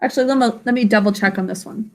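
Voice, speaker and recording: A woman's voice: a little high, rapid-fire. A woman teacher giving a spelling lesson, explaining patiently step by step and encouraging her students. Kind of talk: classroom instruction.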